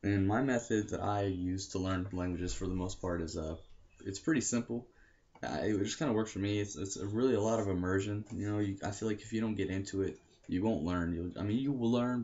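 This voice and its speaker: A man's voice: low voice, a little mellow, dull audio, a little hiss or hum. A young American man talking casually to camera about learning languages, rambling and often correcting himself. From United States. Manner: rambling, self-correcting, many fillers.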